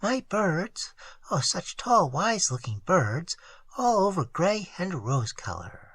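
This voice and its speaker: A reader voicing a gentle, tearful, mysterious young woman who speaks softly and often whispers. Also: medium pitch, sing-song, slow, slightly rough, no room sound, pitched above the performer's own voice, exaggerated voice. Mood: wistful. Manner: soft, hushed, often whispering. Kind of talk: audiobook character reading.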